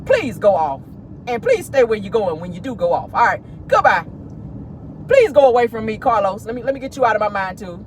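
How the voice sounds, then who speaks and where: Sassy and petty, a woman running a gossip vlog dishes on celebrities in a voice on the high side. She keeps calling her listeners "honey" and "child," and there's slight noise in the background.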